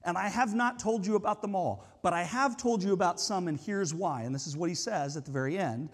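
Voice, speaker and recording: A man's voice: high voice, a little fast. A man preaching a sermon as a pastor, talking in a conversational, explanatory way with frequent hedging asides. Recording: long hall reverb.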